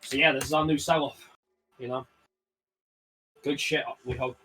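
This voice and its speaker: A man's voice: mid-range voice, fairly even intonation, moderate pace, bright, forceful tone, slight background noise, low-quality recording. Man, Birmingham accent, casual podcast host, rambling, lots of ums, desk mic at home. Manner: rambling, many fillers and restarts. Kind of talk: casual chat. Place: home room shared with partner.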